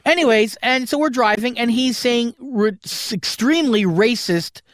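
A high-pitched man tells a story animatedly on a casual podcast, swearing freely. His voice is recorded close and dry, with no room sound. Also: moderate pace, a bit bright, dry recording. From Canada. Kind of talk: casual chat.

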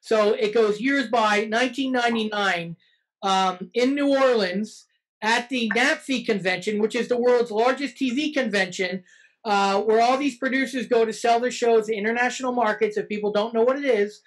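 A man hosting a casual podcast, briskly steering the talk and telling his side of a story. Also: very high voice, fairly bright tone, poor audio. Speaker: podcast host.

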